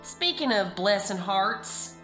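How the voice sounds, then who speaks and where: A woman's voice: medium pitch, big pitch swings, slow, fairly bright tone. A woman voicing a nosy, pious churchwoman who hosts a gossip podcast, in a roomy studio with faint music.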